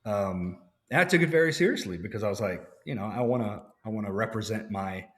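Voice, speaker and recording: Low-voiced man telling stories loosely. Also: brisk. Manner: relaxed storyteller, many fillers and restarts. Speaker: actor guest. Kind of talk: casual interview chat.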